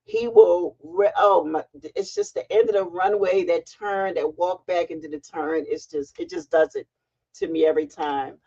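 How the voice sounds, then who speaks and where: A middle-aged woman hosting a casual livestream from home, chatty and excitable as she greets viewers. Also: on the low side, moderate pace, breathy edge. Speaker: livestream host. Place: home, sitting on a heating pad. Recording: dull lo-fi livestream audio.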